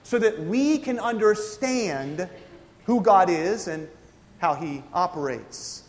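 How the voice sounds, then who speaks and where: A man's voice: sits high, expressive, takes it slowly, in a large hall. A man preaching a sermon, explaining scripture with frequent asides and questions to his congregation. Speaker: pastor.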